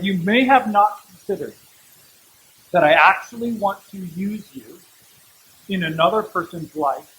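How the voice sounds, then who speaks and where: High-voiced man preaching conversationally. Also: fairly bright tone, poor audio. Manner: conversational preaching with humorous asides. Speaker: pastor. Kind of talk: sermon.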